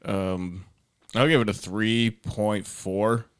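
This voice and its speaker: A man's voice: fairly low pitch, steady tone, slow pace, clear, resonant tone. A man teasing his friends in a casual comedy chat, laughing often. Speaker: podcast panelist.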